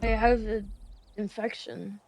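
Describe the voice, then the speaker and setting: A woman's voice: mid-range voice, flat delivery, slow pace, creaky, darkish tone, poor audio. A woman playing a blunt, foul-mouthed young woman in a game role-play, her words slightly slurred. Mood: sulky.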